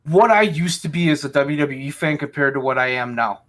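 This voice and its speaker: A man's voice: fairly high pitch, lively intonation, a little fast, a bit bright. A man hosting a casual podcast chat, ranting angrily and swearing heavily. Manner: angry ranting, heavy swearing. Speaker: podcast host.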